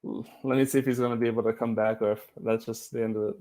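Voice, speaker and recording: A man's voice: lowish voice, flat delivery, racing, mellow. Chatty male podcast host. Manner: chatty, laughs easily, addresses viewers. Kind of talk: live-streamed casual interview.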